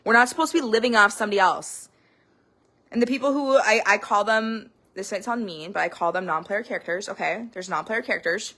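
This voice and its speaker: A woman in her thirties hosting a podcast, telling stories in a rambling, profane, animated monologue. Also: medium pitch, brisk. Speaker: podcast host. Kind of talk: casual monologue.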